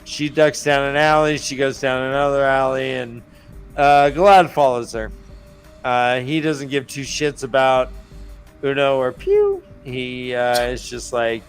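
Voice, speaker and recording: Slow, unhurried male podcast host. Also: medium pitch, lively intonation, clean tone, faint music behind. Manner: unhurried, filler-heavy recapping. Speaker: podcast host summarizing chapters. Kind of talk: casual book discussion.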